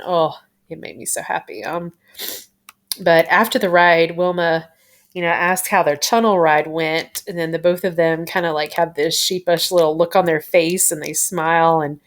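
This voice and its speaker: Low-voiced woman gushing about a tv episode, lots of ums and you knows. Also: normal speed. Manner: gushing, excited, full of fillers. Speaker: TV show reviewer. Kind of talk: casual fan review.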